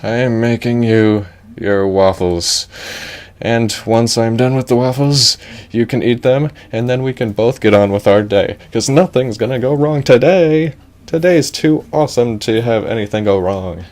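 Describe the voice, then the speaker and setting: A man's voice: medium pitch, measured pace, darkish tone, natural voice. A man doing a cocky, dim warrior. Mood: brash. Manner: brash and blustering.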